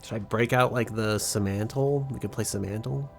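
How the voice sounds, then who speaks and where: A man's voice: on the low side, moderate pace, vocal fry. A young man streaming a game, giving casual, profane, rambling and joking commentary. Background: faint background music.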